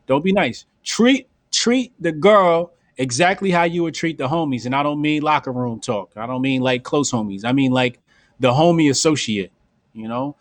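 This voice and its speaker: Slangy podcast dude, kinda high voice, dry close mic, blunt and preachy. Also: male voice, lively intonation, dry recording. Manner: blunt, slangy, acts out quick mock dialogue. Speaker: podcast host. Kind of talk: casual podcast chat.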